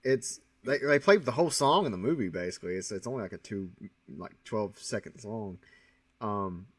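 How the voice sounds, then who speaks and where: A man's voice: fairly low pitch, lively intonation, normal speed, no echo. A man co-hosting a movie podcast, musing casually and reflectively about a film. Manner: musing, many fillers and restarts. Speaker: podcast co-host.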